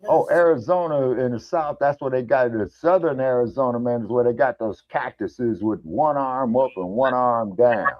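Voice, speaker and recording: A man's voice: medium pitch, normal speed, few pauses, no room sound. A man co-hosting an online talk show who tells folksy road stories, swears freely and acts out the dialogue himself. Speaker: co-host. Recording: dull, dry lo-fi audio.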